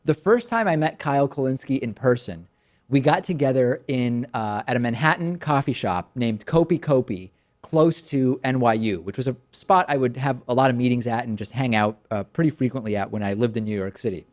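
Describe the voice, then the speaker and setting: A man's voice: mid-range voice, a little fast. A man from Massachusetts, hosting a talk show and answering audience questions in a conversational way, telling stories with frequent restarts.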